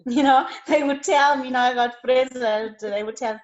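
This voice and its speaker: Woman guest, slightly high pitch, earnest, preacherly, emphatic bursts. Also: normal speed, lo-fi sound. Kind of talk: faith testimony in a studio interview.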